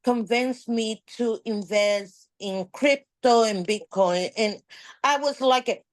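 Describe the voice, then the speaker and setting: A woman guest on a podcast, telling a story in a casual, animated way, with nonstandard English grammar. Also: on the high side, slow, no echo. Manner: animated, acts out quoted dialogue.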